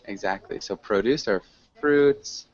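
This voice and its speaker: A man teaching an online English class, correcting students patiently and clearly. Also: lowish voice, measured pace. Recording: muffled lo-fi call audio with faint hiss.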